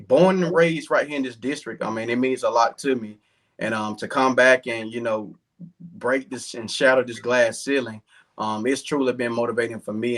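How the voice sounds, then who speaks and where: A man in his thirties with a Southern accent, speaking earnestly as a political candidate in an interview. His voice sits at a middle pitch, and he fills his sentences with ums and uhs. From southern Georgia, US. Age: 30s. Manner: earnest, many fillers.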